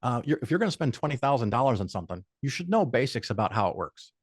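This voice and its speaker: A man's voice: mid-range voice, sing-song, fast, husky, dry recording, studio quality. Blunt, profane older man. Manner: opinionated, lays out firm rules. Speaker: podcast guest. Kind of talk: casual storytelling in conversation.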